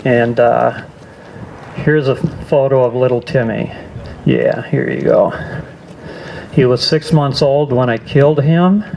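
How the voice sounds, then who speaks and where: An older man giving a personal testimony speech at a school assembly, earnest and halting, often restarting his sentences. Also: mid-range voice, gravelly, highs cut off, a little hiss or hum. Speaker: guest speaker.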